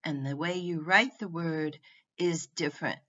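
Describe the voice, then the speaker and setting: A woman teaching a phonics lesson, sounding out words one at a time with clear emphasis. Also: low voice, a little slow, a bit bright. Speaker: reading teacher. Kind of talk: slow, deliberate phonics lesson. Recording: muffled lo-fi recording.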